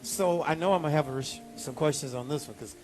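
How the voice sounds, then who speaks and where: A man pastor preaching a sermon, animated, with sudden high exclamations. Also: quick pace, soft background music.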